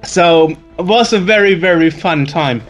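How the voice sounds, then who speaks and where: A man's voice: high voice, measured pace, faint music behind. A man with a German accent, a non-native English speaker, chatting casually as a guest and telling stories with some hesitation. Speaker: guest, magazine editor. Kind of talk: casual reminiscing.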